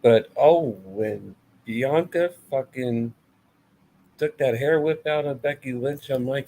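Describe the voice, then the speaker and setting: A man's voice: mid-range voice, takes it slowly, mellow, a little hiss or hum, poor audio. A man giving a casual, blunt and sarcastic review of a wrestling show, full of swearing.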